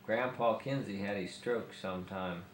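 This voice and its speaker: Man, lowish voice, hesitant questions, echoey room, faint hiss. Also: normal speed. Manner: hesitant, many fillers while framing questions. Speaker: interviewer. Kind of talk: family oral history interview.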